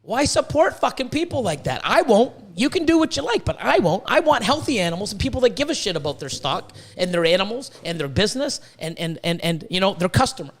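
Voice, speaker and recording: A man's voice: high voice, big pitch swings, a little fast, hardly any pauses. A man hosting a podcast, ranting in a rambling, profane way and stumbling over repeated words. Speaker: podcast host, reptile breeder. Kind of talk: casual podcast rant.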